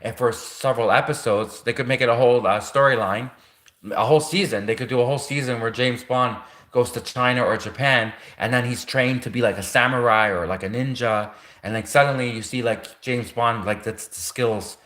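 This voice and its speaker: A man's voice: mid-range voice, fairly quick, fairly bright tone, reverberant. A man hosting a livestream, talking in a rambling, casual monologue full of fillers. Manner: rambling, heavy on fillers and restarts. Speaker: livestream host.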